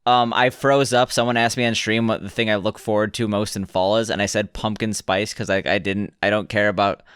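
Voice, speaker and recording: Teasing man with a smooth voice. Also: on the low side, flat delivery, brisk, a bit bright, no echo, studio quality. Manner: teasing, jokey. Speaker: podcast co-host. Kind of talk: casual banter about video games. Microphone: remote call recording.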